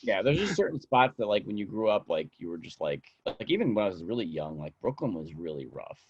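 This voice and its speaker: Lively young man from the New York area. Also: fairly low pitch, a little fast, muffled recording, a little hiss or hum. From New York and New Jersey. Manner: animated storyteller who acts out quoted voices. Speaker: guest comedian. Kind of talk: casual interview chat.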